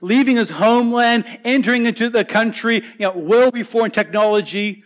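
A man preaching a sermon, earnest and conversational, swinging between loud emphatic lines and quiet soft asides. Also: very high voice, brisk.

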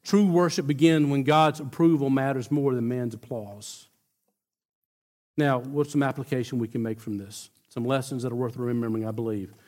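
A man's voice: mid-range voice, steady tone, normal speed, darkish tone. A man preaching a sermon, telling a story with emphatic builds and frequent restarts.

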